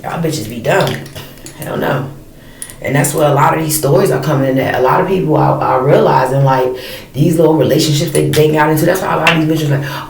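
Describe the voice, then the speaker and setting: A woman in her thirties vents in a blunt, profane, fired-up rant, her voice rough with vocal fry. She sits back from the mic in a roomy, echoing space. A faint noise runs underneath. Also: low-pitched, brisk, darkish tone. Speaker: storyteller vlogger. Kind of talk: casual rant to camera. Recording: echoey room, mic at a distance, faint noise.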